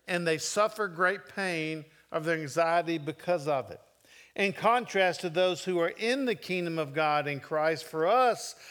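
Middle-aged male pastor, fairly high voice, heartfelt storytelling sermon delivery. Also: fairly bright tone, smooth. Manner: emotional storytelling, earnest preaching with shifting volume.

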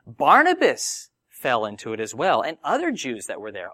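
Animated preacher man, lively voice. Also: medium pitch, moderate pace, dry recording. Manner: animated, conversational Bible teaching with acted quotes. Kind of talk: sermon.

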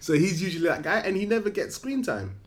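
A man's voice: high voice, big pitch swings, fast talker, a loud crowd. A young man co-hosting a casual podcast, rambling through his points with restarts and frequent laughter. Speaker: podcast co-host. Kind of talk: casual chat about films.

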